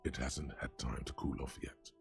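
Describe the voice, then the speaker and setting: A man voicing the brooding second-person narrator of a detective game, with a gravelly voice and slow, ominous delivery. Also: extremely low pitch, steady tone, over loud music.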